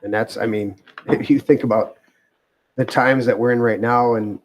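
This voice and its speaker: Halting man reading aloud on a podcast. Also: mid-range voice, fairly even intonation, slight background noise. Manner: halting, many fillers and restarts while reading. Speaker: podcast host. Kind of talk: casual talk show, reading aloud from a web page.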